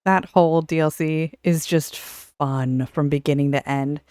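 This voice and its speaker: Low, smooth-voiced woman podcast host. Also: fairly even intonation, measured pace, darkish tone, no room sound, studio quality. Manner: chatty, explanatory, casual swearing. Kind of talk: casual podcast chat.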